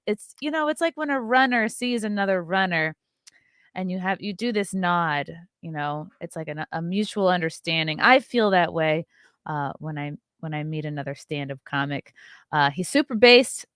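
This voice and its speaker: A woman hosting a podcast in a casual, joking chat with quick asides and self-mocking remarks. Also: lowish voice, fairly bright tone, clear, resonant tone, dry recording, studio quality. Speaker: podcast host.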